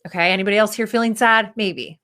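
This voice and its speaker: A woman's voice: medium pitch, fast talker, pushed and bright. A woman in her thirties, a performance coach, giving a candid, casual talk and acting out the voices of people she quotes.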